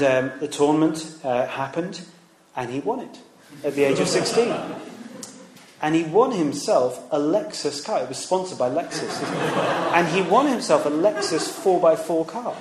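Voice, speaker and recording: With heavy background noise and an echoey room, a man with a fairly high voice preaches a conversational sermon. He's a preacher and former teacher who tells stories, poses rhetorical questions, and acts out the voices he quotes.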